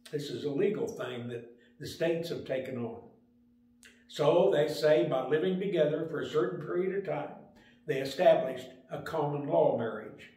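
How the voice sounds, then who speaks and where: An older man giving a Sunday school lesson, telling stories in a plain, unhurried way with small restarts. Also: fairly high pitch, mellow. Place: church room. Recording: very echoey room.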